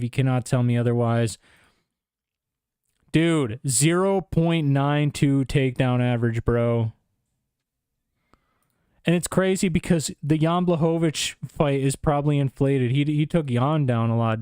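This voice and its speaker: A man's voice: mid-range voice, a little mellow, smooth, no echo, studio quality. A young man ranting casually about fight cards, exasperated and incredulous, dropping "bro" often. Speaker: MMA commentator. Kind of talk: casual opinion rant.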